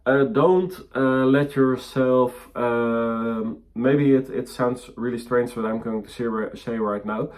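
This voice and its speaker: A man teaching about mediumship, speaking haltingly with many fillers and restarts, in a gentle, encouraging way. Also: mid-range voice. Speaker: spiritual teacher.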